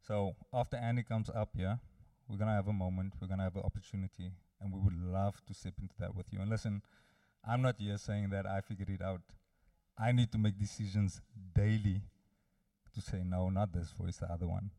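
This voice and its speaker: A man's voice: lowish voice, fairly even intonation, a little fast, dark tone, dry recording, clean studio sound, far from the mic. A man preaching a sermon, earnestly addressing his listeners directly.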